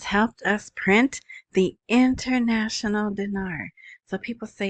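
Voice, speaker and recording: A middle-aged woman talks her way through a solo podcast episode, rambling with fillers and side remarks. She speaks at an unhurried, slow pace. The sound is dry and close, with no room echo. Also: mid-range voice, steady tone. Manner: rambling, chatty, many fillers and asides. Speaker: podcast host. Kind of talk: casual solo podcast monologue.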